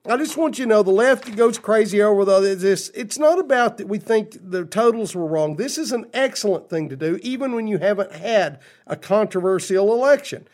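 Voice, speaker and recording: A man's voice: high-pitched, expressive, normal speed, hardly any pauses, darkish tone. Opinionated radio talk host man. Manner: blunt, opinionated, reads quotes aloud with asides. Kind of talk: political talk radio monologue.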